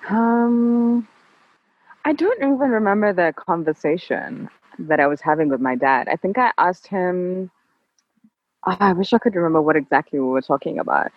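A woman guest on an interview, talking in a calm, level, measured way. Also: on the low side, no room sound. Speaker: podcast guest. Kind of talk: casual interview chat. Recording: dull lo-fi dry sound.

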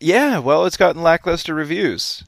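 A young man co-hosting a podcast in casual chat, animated, swearing and acting out quotes. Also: on the high side, moderate pace, vocal fry, dry recording, studio quality. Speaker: podcast co-host.

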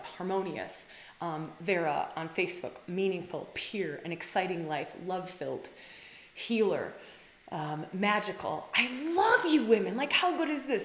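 A woman hosts a casual live stream and talks straight to viewers, gushing and emphatic. She leans on "like" and swears freely, and her voice jumps up whenever she gets excited. The sound is roomy, with a lot of echo around her. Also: medium pitch. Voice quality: heavy use of "like" and restarts, swears freely. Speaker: livestream host coaching women. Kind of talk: casual live-stream talk, reading out comments.

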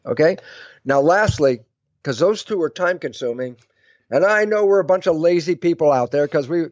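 A man explaining ideas in an interview, animated and acting out both sides of imagined conversations. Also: on the high side, normal speed, no echo, lo-fi sound. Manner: lively, acts out both sides of imagined dialogues. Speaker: guest speaker.

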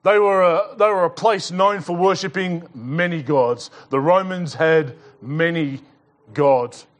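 Storytelling pastor, fairly high voice. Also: male voice, measured pace. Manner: storytelling, conversational with frequent restarts. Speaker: senior pastor. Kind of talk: sermon. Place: church.

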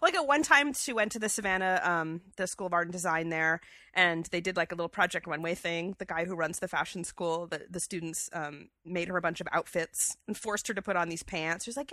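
A woman's voice: fairly low pitch, a little fast, bright, forceful tone, dry recording. A woman co-hosting a podcast, chatting enthusiastically and casually, with plenty of fillers and restarts. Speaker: podcast co-host. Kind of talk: casual chat.

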